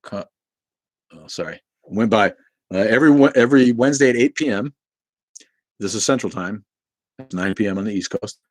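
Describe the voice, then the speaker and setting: A man's voice: on the low side, moderate pace, long pauses, darkish tone, no echo. A man from Boston hosting a casual livestream, rambling, swearing freely and answering chat comments. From Boston, New England. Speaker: livestream host.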